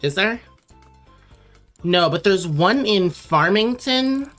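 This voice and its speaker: A young woman from Connecticut talks casually on a drawing livestream, rambling from one thought to the next as she answers chat. Her voice sits on the lower side, with faint music playing underneath. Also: expressive, normal speed, a bit bright. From Connecticut, USA. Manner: rambling, chatty, reads chat aloud and answers viewers. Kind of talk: casual late-night stream chat.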